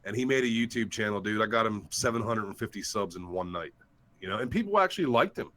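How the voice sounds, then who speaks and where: A man's voice: on the low side, animated, quick pace, sharp tone. A man talking casually on a livestream call-in show, telling a story bluntly and with a lot of swearing. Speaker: guest YouTuber. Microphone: headset or desktop mic on call-in.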